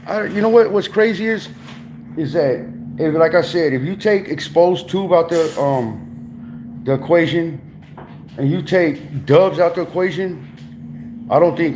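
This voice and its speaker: Brash, high-voiced young man on a livestream. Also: animated, measured pace, long pauses, darkish tone, a little hiss or hum, low-quality recording. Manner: brash, profane, rambling with street slang. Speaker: livestream host. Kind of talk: casual livestream banter.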